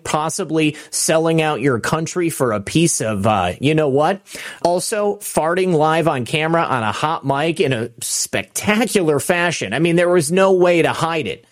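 A man hosting political commentary in a sarcastic, mocking tone, talking straight to the viewer. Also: fairly high pitch.

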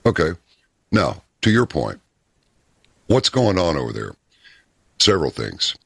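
A man hosting a talk show, telling stories and giving opinions in a folksy, unhurried way. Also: deep voice, sing-song, gravelly, slightly rough, no echo, studio quality. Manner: folksy, opinionated, storytelling with pauses. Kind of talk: casual talk radio commentary.

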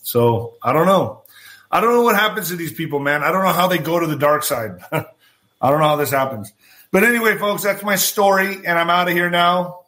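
A man's voice: a little high, brisk. A man hosting a podcast, telling a story casually and acting out the dialogue, with frequent swearing. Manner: animated, swears freely, acts out quoted dialogue. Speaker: podcast host.

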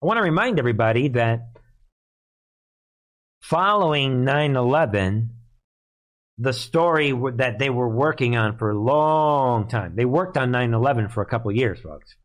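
Man, mid-pitched voice, sarcastic, scoffing, live commentary host. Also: expressive, normal speed.

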